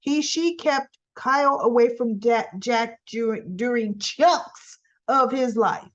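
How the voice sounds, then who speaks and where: A woman's voice: a little high, a little slow, lo-fi sound. A woman recapping a soap opera in a chatty, folksy way, full of playful exclamations. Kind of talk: casual chat recap.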